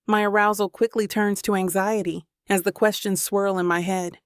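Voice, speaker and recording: A woman narrating a first-person romance audiobook with an expressive, inner-monologue style. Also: medium pitch, moderate pace, clear, resonant tone, no echo, studio quality.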